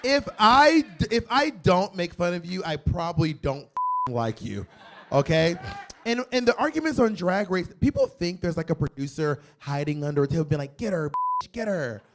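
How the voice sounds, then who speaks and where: Man comic, brash and boastful, higher voice, club stand-up. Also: very animated, moderate pace, slight background noise. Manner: brash, boastful and blunt, with sudden loud jumps. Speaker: stand-up comedian. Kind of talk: stand-up comedy with audience Q&A. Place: comedy club in San Diego.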